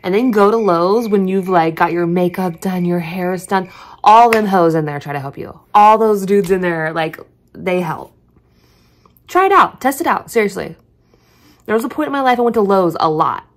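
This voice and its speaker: A woman's voice: lowish voice, normal speed. A woman talking casually to camera in a day-in-my-life vlog, chatty and blunt, swearing freely. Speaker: vlogger.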